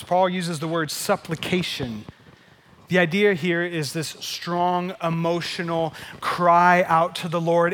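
A man preaching a sermon in an animated way, often repeating words when emphatic. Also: on the high side. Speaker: pastor.

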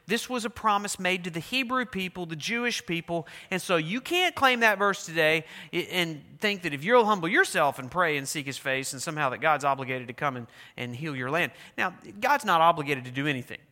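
A man preaching a sermon as pastor, animated and asking his congregation questions. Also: a little high. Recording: long hall reverb.

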